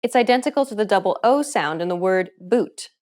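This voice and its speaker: A woman narrating a scripted pronunciation lesson as the teacher, clear and upbeat. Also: mid-range voice, lively intonation, fairly quick, a little mellow.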